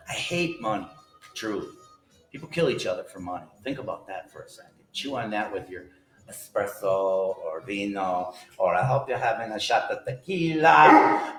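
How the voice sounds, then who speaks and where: A man vlogging in a casual, meandering monologue, folksy and heartfelt, now and then bursting out loud. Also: low voice, roomy sound.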